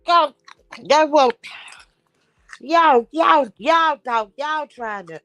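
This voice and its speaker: A woman hosting a casual chat, blunt and animated as she gossips. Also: high voice, extremely slow, dry recording, muffled recording, soft background music. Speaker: show host.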